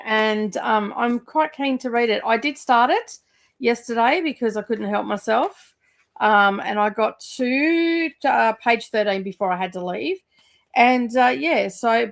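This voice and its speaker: A woman's voice: on the high side, gravelly. A woman chatting casually about books as a vlogger, rambling with lots of fillers. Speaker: book vlogger. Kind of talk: casual chat.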